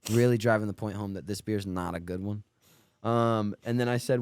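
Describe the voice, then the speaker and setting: A man in his twenties, co-hosting a podcast and telling a story in casual chat, animated and swearing freely. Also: lowish voice, normal speed, smooth, dry recording, clean studio sound. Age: 20s. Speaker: podcast co-host. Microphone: studio podcast mic.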